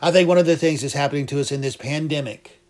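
A man's voice: a little high, fast talker, darkish tone. A man preaching a sermon, fervent and emphatic, repeating phrases for emphasis. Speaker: pastor.

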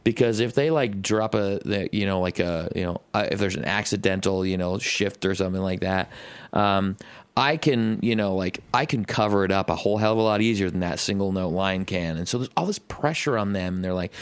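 Low-voiced rambling musician podcast host. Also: male voice, fairly quick, clean tone, dry recording. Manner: rambling storyteller, heavy fillers, swears freely. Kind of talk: casual chat.

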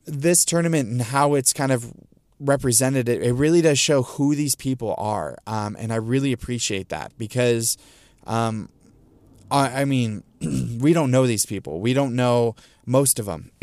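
A man's voice: medium pitch, unhurried, darkish tone, no room sound. A middle-aged man hosting a casual solo podcast, rambling with many ums and restarts, fighting hiccups and a scratchy throat. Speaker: podcast host.

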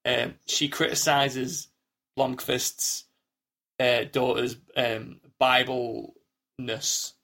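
A man's voice: mid-range voice, little pitch movement, extremely slow, vocal fry, bright, forceful tone. This is a man with an ordinary mid-range voice talking casually on a podcast. He rambles and restarts a lot, and he slips into little acted-out quotes while he recaps. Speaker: podcast co-host. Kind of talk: casual chat.

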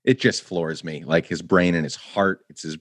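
A man's voice: low-pitched, steady tone, normal speed, no room sound, studio quality. A man hosting an interview podcast, effusive and affectionate toward his guest. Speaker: podcast host.

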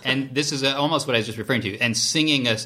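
A man guesting on a podcast interview, telling behind-the-scenes stories in an animated way, with laughing asides and frequent restarts. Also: medium pitch, very fast. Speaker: TV writer-producer guest. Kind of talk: casual interview storytelling.

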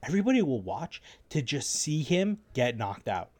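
A man's voice: mid-range voice, normal speed. A young man hosting a casual chat, easygoing as he explains his views. He fills his talk with "like" and "um", and his voice sits in the middle of a man's range. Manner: relaxed, explaining, many fillers like "like" and "um".

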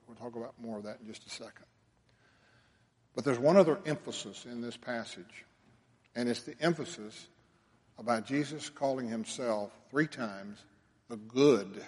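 Male pastor, middle-pitched voice, earnest sermon delivery that swells and falls, recorded with long church-hall reverb. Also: husky. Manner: earnest preaching, swelling and dropping in loudness.

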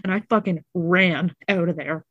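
A woman's voice: lowish voice, normal speed, muffled recording, crowd noise. A woman telling a story in casual chat, acting out the people in it and swearing freely. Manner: animated, acts out quotes, swears often.

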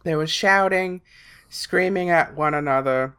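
Laid-back guy rambling through a story, slow and chuckly. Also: on the high side, sharp tone, clear, resonant tone. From lives in England. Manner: slow, meandering storytelling with frequent laughs. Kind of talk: casual chat among friends.

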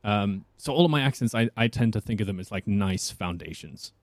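A man's voice: on the low side, expressive, brisk, no room sound. A man who is a voice actor, chatting as a guest in a casual interview, rambling and often restarting his sentences.

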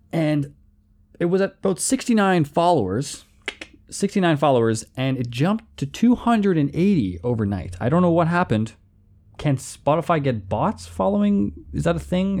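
Brief: male music host, casual rambling commentary, lively swinging delivery, mellow gravelly tone. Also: medium pitch. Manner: rambling, playful, self-deprecating. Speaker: music show host and playlist curator.

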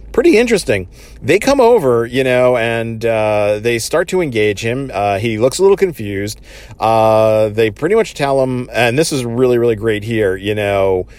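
A man's voice: mid-range voice, no echo. A man casually recapping a TV episode, enthusiastic and rambling, with many fillers.

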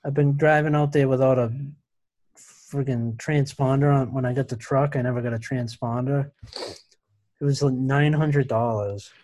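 A man's voice: medium pitch, steady tone, measured pace, darkish tone. A man co-hosting a casual podcast, laid-back, mostly chiming in with short reactions and asides. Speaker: podcast co-host.

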